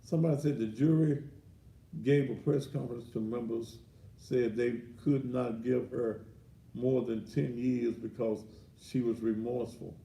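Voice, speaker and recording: A man's voice: medium pitch, fairly even intonation, unhurried, creaky, dark tone. Indignant man ranting in an echoey room. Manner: indignant, blunt, crude. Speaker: commentary show host. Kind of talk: ranting commentary.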